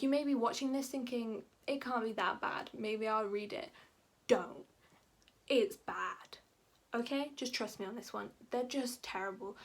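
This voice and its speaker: Animated, exasperated woman ranting about books. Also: a little high. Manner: animated and exasperated, heavy use of "like". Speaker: book vlogger. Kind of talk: casual ranting book review.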